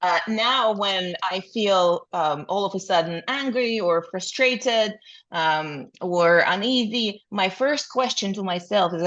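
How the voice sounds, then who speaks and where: A woman's voice: medium pitch, lively intonation, moderate pace, fairly bright tone, lo-fi sound. A woman speaking as a coach in an interview, with frequent fillers and rhetorical questions. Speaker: burnout coach, guest. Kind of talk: interview answers.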